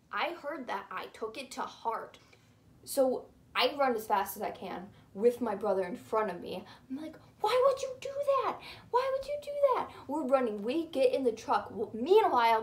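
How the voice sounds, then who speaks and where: A young woman telling a childhood story on her channel, animated and rambling with lots of fillers. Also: fairly high pitch. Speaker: YouTuber. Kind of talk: casual storytime.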